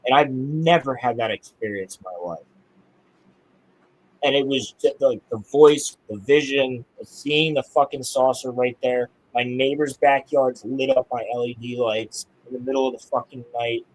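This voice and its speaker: A young man telling a strange personal story in casual podcast chat, excitable, insistent and full of swearing. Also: mid-range voice, normal speed, poor audio.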